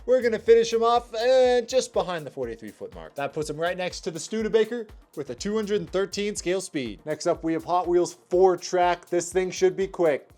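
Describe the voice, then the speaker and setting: A young man with a high, bright-sounding voice calls toy car races play by play, energetic and quick to react. Faint music plays underneath his commentary. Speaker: toy car race host. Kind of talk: race commentary vlog.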